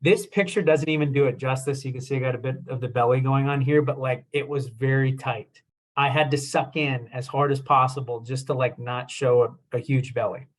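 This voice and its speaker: A man's voice: mid-range voice, fairly even intonation, brisk. A young man, a chiropractor, giving a casual talk and telling a self-deprecating story with lots of fillers. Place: presentation with slides.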